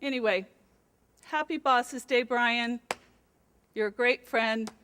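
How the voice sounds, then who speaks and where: A middle-aged woman, an office administrator, recounts an awkward episode to her coworkers in a casual recorded message. Her voice sits high, and she talks in a chatty, animated, self-deprecating way. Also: slow, a little hiss or hum. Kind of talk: casual storytelling to camera.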